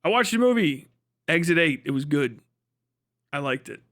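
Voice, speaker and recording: Man from cincinnati, streamer, casual live chat, profane and rambling, slightly raised pitch. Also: big pitch swings, normal speed, fairly bright tone. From Cincinnati, USA. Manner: profane, rambling, laughs through riffs on accents.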